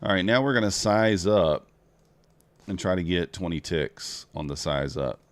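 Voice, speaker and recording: A man's voice: low-pitched, measured pace, dry recording. A man chatting casually to viewers while trading futures live, talking them through each move. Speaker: live-streaming futures trader. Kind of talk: casual live-stream commentary.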